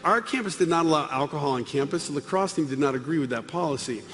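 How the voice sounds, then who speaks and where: A man's voice: fairly high pitch, fast. A man, a Catholic musician and speaker, giving a comedic personal testimony, acting out scenes as he tells them. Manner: animated storyteller, acting out scenes. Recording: long hall reverb with music.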